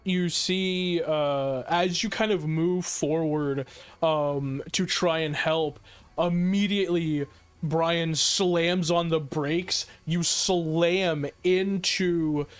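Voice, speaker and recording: A man's voice: a little high, steady tone, very slow, clear, resonant tone. A man running a tabletop horror game as game master, narrating vividly with many fillers.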